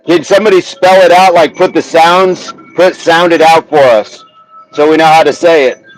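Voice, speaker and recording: A man hosting a casual livestream outdoors, chatting with his viewers, reading their comments aloud and slowly sounding out words. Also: a little high, steady tone, faint music behind, rough recording. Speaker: livestream host. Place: outdoors, windy, a tree behind him.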